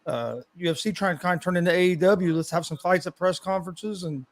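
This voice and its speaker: A man's voice: sits high, quick pace. A man hosting a sports betting podcast, chatting casually and agreeing with his co-host. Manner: relaxed, agreeable, laughs easily.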